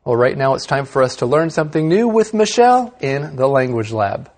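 A man's voice: medium pitch, very animated, brisk, darkish tone. This man co-hosts an English lesson show. His voice sits in a middle register. He explains words and ideas in a cheerful, teacherly manner. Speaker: co-host of an English lesson program. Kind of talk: scripted educational chat.

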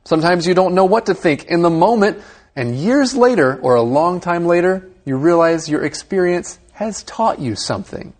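A man's voice: sits high, lively intonation, moderate pace, darkish tone. A man co-hosting an English lesson, reading quotes from a passage aloud and explaining them. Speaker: radio English lesson co-host.

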